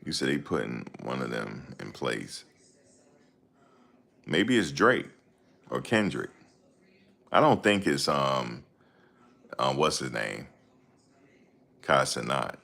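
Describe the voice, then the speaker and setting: A man's voice: very deep voice, big pitch swings, slow, creaky, long pauses, bright, forceful tone. A man hosting a casual stream, reading and answering chat comments in a rambling, slangy way. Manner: rambling, slangy, laughs a lot.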